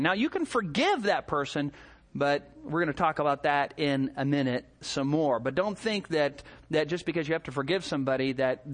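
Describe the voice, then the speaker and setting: Brief: male pastor, sermon delivery, high voice with wide swings, storytelling. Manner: animated storytelling, acts out scenes.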